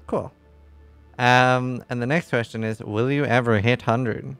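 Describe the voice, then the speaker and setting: A man hosting a stream, reading out viewer questions in a relaxed, upbeat way. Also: mid-range voice, measured pace, clear, resonant tone, soft background music. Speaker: host.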